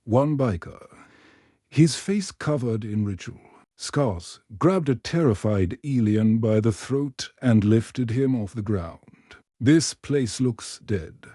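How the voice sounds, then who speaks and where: A man narrating a scripted story in a steady, even way. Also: medium pitch, slow, dry recording, clean studio sound.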